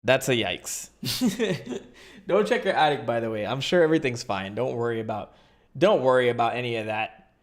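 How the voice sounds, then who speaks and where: A man's voice: medium pitch, fairly quick. Young male streamer, casual rambling chat, easy laughter. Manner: rambling, filler-heavy, laughs often. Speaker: streamer host.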